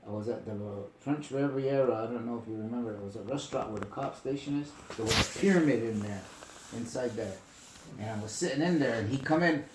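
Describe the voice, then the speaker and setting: A man telling stories in casual conversation, emphatic and animated, often asking if the listener follows. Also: medium pitch, quick pace, echoey room, very noisy. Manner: animated, emphatic, asks "you get me?". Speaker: storyteller. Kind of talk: casual storytelling chat.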